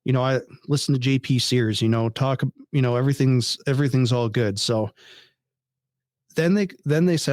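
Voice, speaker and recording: A man's voice: mid-range voice, unhurried, long pauses, no echo. Man telling a story on a dry podcast mic. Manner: animated, swears freely, incredulous. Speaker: podcast guest. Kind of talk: casual storytelling chat.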